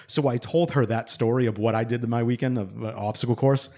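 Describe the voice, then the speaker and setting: A man's voice: mid-range voice, fast, few pauses. Rambling, profane male podcast storyteller. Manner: rambling, profane, animated when quoting others. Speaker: podcast co-host. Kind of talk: casual storytelling chat.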